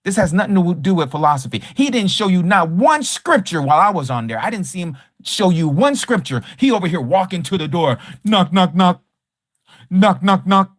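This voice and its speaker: A man leads a livestreamed scripture study in an emphatic, rhetorical way. He hammers his points with repeated questions, and his pitch swings widely. The sound is dry and close, with no room around it. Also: big pitch swings, a little fast, few pauses, dry recording. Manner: combative toward a rival teacher. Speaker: Bible study teacher.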